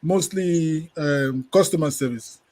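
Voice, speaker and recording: A man from Nigeria co-hosting a casual podcast, who reads a listener comment aloud and then argues against it in a measured way. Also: a little high, darkish tone, poor audio. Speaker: podcast co-host.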